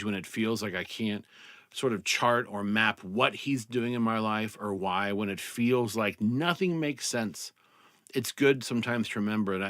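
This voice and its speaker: A middle-aged man speaking earnestly and haltingly about faith and marriage, often trailing off softly and at times choked up with tears. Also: fairly low pitch, dry recording, clean studio sound. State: tearful, choked up. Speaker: vlogger and speaker. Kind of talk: reflective personal talk to camera.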